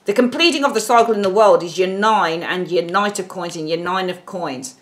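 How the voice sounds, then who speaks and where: A woman giving a casual tarot reading, blunt and animated, and she swears freely. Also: on the low side, fairly quick. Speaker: tarot reader.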